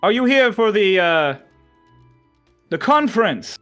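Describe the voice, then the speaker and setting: A man voicing an eager young envoy who gives loud, friendly, formal greetings. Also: sits high, sing-song, takes it slowly, smooth, faint music behind, voice pushed up, exaggerated voice. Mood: polite.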